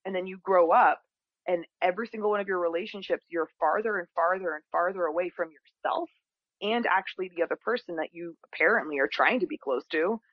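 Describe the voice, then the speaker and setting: A woman's voice: fairly low pitch, fairly quick, no room sound, highs cut off. A woman, a spiritual teacher, talking expressively as a podcast guest and acting out the voices of people she quotes. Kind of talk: conversational interview.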